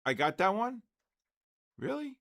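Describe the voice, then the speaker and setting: This trading-livestream host, a man in his sixties, spells out viewer names one letter at a time, joking yet exasperated in casual chat. His voice is high-pitched and a bit bright, with big pitch swings and a measured pace.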